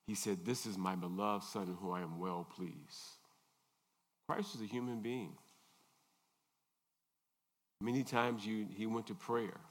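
A man preaching a sermon, unhurried, pausing often and asking his listeners questions. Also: on the low side, a bit bright. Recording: long reverb in a large hall.

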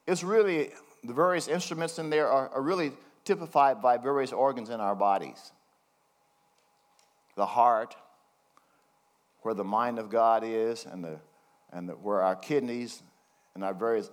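An older man preaching a conversational sermon, reading scripture slowly between folksy, chuckling asides. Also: mid-range voice. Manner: folksy, chuckling asides, slows down to read verses.

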